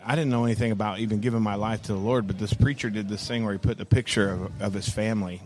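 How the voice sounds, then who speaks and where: A man's voice: lowish voice, fairly even intonation, fast talker, a little mellow. A middle-aged pastor with a Texan accent, telling his story frankly in casual table talk. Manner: frank, earthy storytelling with acted-out quotes.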